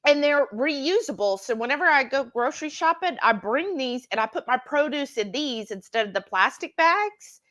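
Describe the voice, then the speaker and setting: A woman co-hosting a cooking livestream from a home kitchen, chatty and excitable, bantering as she cooks. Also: sits high, moderate pace, hardly any pauses. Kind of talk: casual livestream cooking chat.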